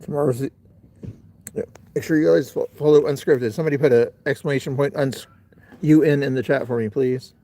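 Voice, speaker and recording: Mellow-voiced man chatting with his stream. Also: mid-range voice, steady tone, brisk. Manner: rambling, talks straight to his chat. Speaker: livestream host. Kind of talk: casual live chat.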